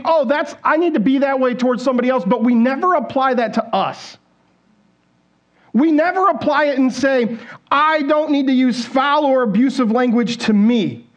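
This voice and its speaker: A man's voice: extremely high pitch, lo-fi sound. A man preaching a sermon in a conversational way, asking the congregation questions and acting out the voices in people's heads. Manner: conversational, asks the congregation questions, acts out quoted inner voices. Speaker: pastor. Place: church stage.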